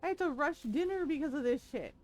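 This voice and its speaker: A woman streamer in casual chat, telling an animated story and acting out the quotes. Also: sits high, fast, soft background music.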